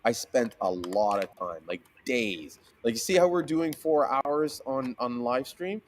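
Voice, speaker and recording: A man in a casual interview, telling a story with lots of swearing and restarts. He acts out the other people in it with sudden jumps in pitch, from low and quiet to high and loud. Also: lively intonation, measured pace. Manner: swears freely, acts out quoted voices with sharp pitch jumps; fillers and frequent restarts. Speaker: seamoss seller, guest.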